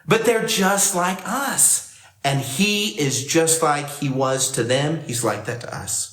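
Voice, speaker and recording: A man preaching in a relaxed, conversational style, slipping into the quoted lines as he reads. His voice sits a little high for a man. The room around him rings with a roomy echo, as he speaks to a camera for an online service. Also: takes it slowly. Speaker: pastor. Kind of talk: sermon.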